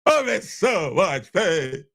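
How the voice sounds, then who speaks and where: A man's voice: a little high, big pitch swings, slow, vocal fry, a bit bright, husky, no room sound, studio quality, voice pushed up, full character voice. A man voicing a whiny, self-pitying grown son who cries out to his mother. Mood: whining. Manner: whining, crying out.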